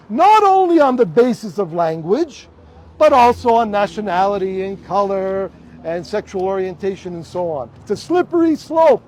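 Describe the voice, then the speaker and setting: High-voiced Canadian man giving a protest speech. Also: darkish tone. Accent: Canadian English. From Toronto, Canada. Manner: impassioned, emphatic, repeats rallying slogans. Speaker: rally speaker. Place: outdoors in front of a hospital.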